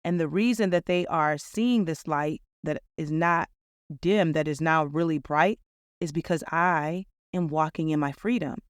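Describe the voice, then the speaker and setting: A woman's voice: low-pitched, a little slow, smooth, dry recording, studio quality. A woman hosting a reflective podcast monologue, talking in an earnest, upbeat storytelling way. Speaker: podcast host.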